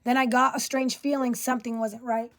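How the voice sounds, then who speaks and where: A woman reading a first-person story written by her father, carrying the dialogue with quiet emotion and little change of voice. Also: on the high side, little pitch movement, a little fast.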